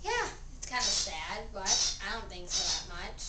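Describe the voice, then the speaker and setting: A woman's voice: medium pitch, very animated, moderate pace, roomy sound, distant mic, heavy background noise. A woman hosting a pretend talk show in a home video skit, announcing in a playful, exaggerated way.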